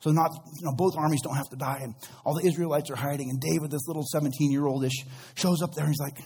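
Husky-voiced man preaching casually. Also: fairly high pitch, steady tone, fast, few pauses, darkish tone. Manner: storytelling with acted-out quotes; conversational, uses casual slang. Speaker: pastor. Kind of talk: sermon.

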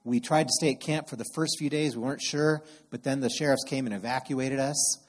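A middle-aged man preaching a sermon, telling animated personal stories and acting out his exasperated outbursts. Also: mid-range voice, brisk. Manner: animated storyteller who acts out exasperated outbursts. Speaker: camp program director preaching.

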